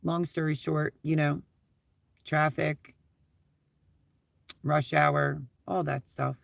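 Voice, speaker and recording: Speaking slowly in a level tone, a man chats on a live stream from his SUV, drifting between stories and repeatedly thanking his viewers. His voice, a bit high for a man, carries heavy gravel and deep vocal fry, recorded dry and close without surrounding room.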